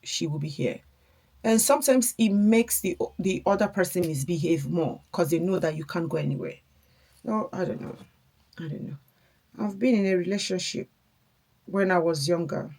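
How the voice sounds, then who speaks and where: A woman's voice: lowish voice, animated, normal speed, darkish tone. A young adult woman, chatting candidly and rambling a little as she tells a personal story in a get-ready-with-me vlog. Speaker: vlogger.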